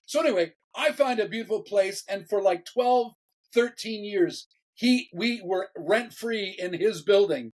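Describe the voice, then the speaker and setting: A man, a pastor, telling a story in a casual interview, animated, often repeating words and laughing as he talks. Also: high voice, unhurried, rough recording.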